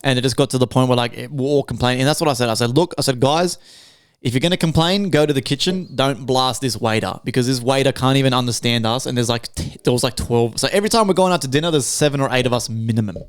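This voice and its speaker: A man's voice: mid-range voice, very fast, hardly any pauses, clean tone, dry recording, studio quality. A man co-hosting a podcast, telling a story in casual chat with blunt, clipped, swearing phrases. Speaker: podcast co-host.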